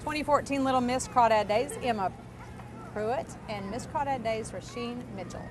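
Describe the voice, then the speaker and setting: A woman's voice: a little high, normal speed. A woman doing live TV commentary at an outdoor parade, chatty and playful. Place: outdoors at a street parade in the cold. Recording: outdoor parade with crowd noise.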